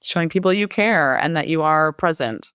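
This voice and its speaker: A woman with a fairly low voice talks casually as a podcast guest, wandering through her thoughts and filling them with "like." The sound is dry and close, with no room around it. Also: normal speed, fairly bright tone, clean tone, dry recording. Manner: rambling, heavy use of "like". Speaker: cookbook author guest.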